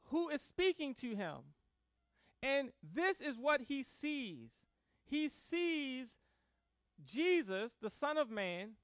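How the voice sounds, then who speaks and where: High, smooth-voiced male preacher. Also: dry recording. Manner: reads scripture slowly, then preaches with rising emphasis. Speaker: pastor. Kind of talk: sermon.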